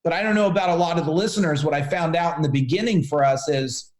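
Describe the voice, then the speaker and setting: A man in his forties telling stories as a guest in a casual podcast interview, animated and talking straight to the host. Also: on the high side, fast talker. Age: 40s. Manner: animated storyteller, addresses the host by name. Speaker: business coach guest. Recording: roomy echo.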